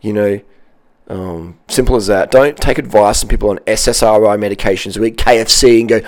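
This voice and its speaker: A man's voice: lowish voice, fairly quick, darkish tone. A man giving a profane, combative and boastful fitness monologue to camera. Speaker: fitness vlogger. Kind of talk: ranting monologue.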